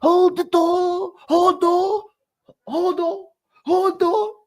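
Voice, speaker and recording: Man doing desperate giant, strained crying, very high, drawn out. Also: little pitch movement, drawn-out words, darkish tone, heavily acted.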